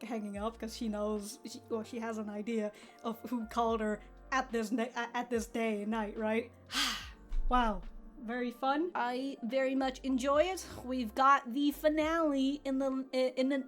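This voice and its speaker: High-voiced excitable woman reacting to anime. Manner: excitable, swears casually, laughs often. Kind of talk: casual commentary on an episode.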